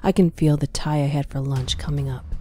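A woman narrating a scripted horror story in a hushed, often whispery, tense way. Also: sits low, steady tone, brisk, faint music behind.

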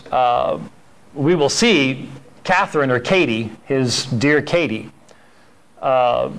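This church history Sunday school teacher has a mid-range voice, captured on a low-quality recording. His delivery is chatty, with many fillers and false starts, and he now and then performs the quoted lines in his stories.

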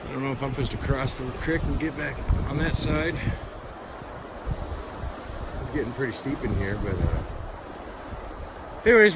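A man talking casually while hiking and prospecting along a mountain creek, rambling and laid-back, a bit winded, recorded on a handheld camera outdoors. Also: medium pitch. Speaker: prospecting vlogger. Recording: outdoor wind and creek noise. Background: flowing creek.

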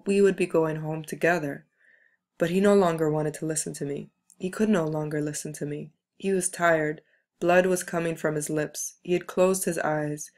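Low-voiced woman reading a book aloud. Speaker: reader.

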